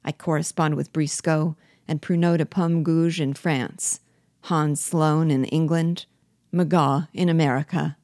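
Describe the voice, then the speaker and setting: A woman's voice: sits low, fairly even intonation, unhurried, darkish tone, dry recording, clean studio sound. A woman reading a pompous ruthless colonial general.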